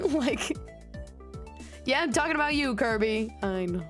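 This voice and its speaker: A woman's voice: on the high side, lively intonation, unhurried. A woman streamer chatting casually and swearing while playing a game, over game music. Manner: casual, swears freely, laughs. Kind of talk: casual gameplay commentary.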